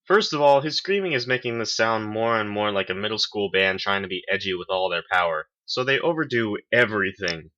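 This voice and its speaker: A man's voice: on the low side, lively intonation, brisk, few pauses, pushed and bright, muffled recording. A man hosting a music review, reading his verdicts with dry sarcasm. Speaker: host, album reviewer. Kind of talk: semi-scripted review.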